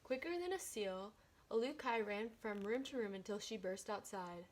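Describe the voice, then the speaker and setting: A woman reading a picture book aloud in a gentle, steady way, then talking about the story. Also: mid-range voice, normal speed. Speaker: storybook reader.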